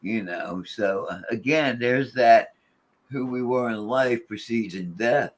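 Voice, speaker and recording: A man's voice: medium pitch, slow. A man talking casually about ghost box sessions, rambling with many restarts and quoting the voices he hears. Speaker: paranormal investigator. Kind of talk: casual chat.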